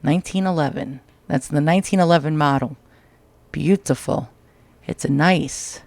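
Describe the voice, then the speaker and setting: A man's voice: on the high side, normal speed, gravelly, darkish tone, no room sound. A man with a New York accent casually reading old magazine ads aloud with crude, joking asides, recorded at home. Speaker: vlog host. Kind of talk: casual read-through commentary. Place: small home. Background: dryer tapping.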